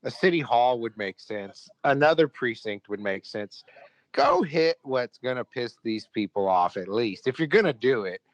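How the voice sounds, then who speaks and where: A man's voice: mid-range voice, lively intonation, normal speed, no echo. Blunt, opinionated man, dry sound. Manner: opinionated, emphatic, speaks his mind bluntly. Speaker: podcast guest. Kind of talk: casual podcast chat.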